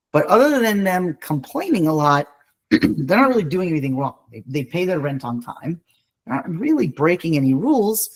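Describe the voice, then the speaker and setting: A man's voice: on the high side, poor audio. Blunt, wry man giving a legal training. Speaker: eviction attorney. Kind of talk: training webinar talk.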